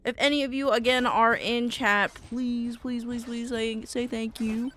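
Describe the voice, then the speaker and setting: Female gaming streamer: high, bright, very animated, excitable and foul-mouthed. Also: a little slow. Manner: excitable, swings from yelps to muttering, swears a lot. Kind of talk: live gaming stream chat.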